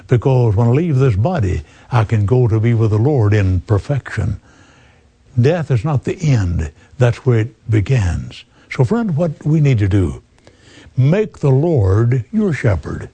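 An elderly man in his eighties delivers a slow, earnest sermon straight to the listener. His voice is mellow and a little husky, and the recording sounds dry and close. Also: mid-range voice, big pitch swings, dry recording. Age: 80s. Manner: slow, earnest preaching, addressing the listener as friend. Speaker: preacher.

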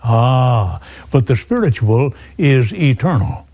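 An elderly man in his eighties delivers a slow, earnest sermon straight to the listener. His voice is mellow and a little husky, and the recording sounds dry and close. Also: mid-range voice, very animated, no room sound. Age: 80s. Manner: slow, earnest preaching, addressing the listener as friend. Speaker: preacher.

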